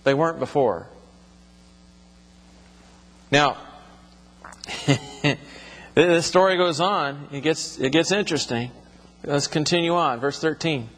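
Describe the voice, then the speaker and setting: A man's voice: fairly high pitch, slow, long pauses, fairly bright tone, long reverb tail. A man teaching from the Bible, reading passages aloud and then explaining them in plain, conversational words.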